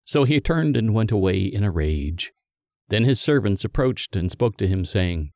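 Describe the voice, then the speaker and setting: A man giving a scripted liturgical Bible reading in a measured, solemn manner that lifts for quoted speech. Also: lowish voice, expressive, a little mellow, no echo, clean studio sound. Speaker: scripture reader.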